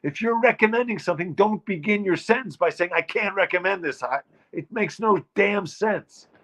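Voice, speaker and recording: A man's voice: sits high, animated, moderate pace, fairly bright tone. A man hosting a show, delivering a wry, emphatic comic rant about turns of phrase. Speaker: show host. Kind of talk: comic monologue.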